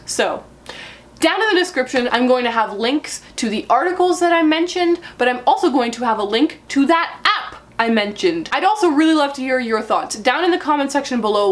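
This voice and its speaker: A young woman book vlogger talking casually to camera in an excitable, chatty way, in a room full of books. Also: high-pitched.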